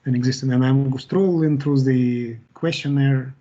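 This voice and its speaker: A man presenting a live webinar, answering chat questions and wrapping up. He talks in a halting way, with frequent fillers and restarts. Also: medium pitch, steady tone, mellow. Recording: dull, lo-fi webinar audio.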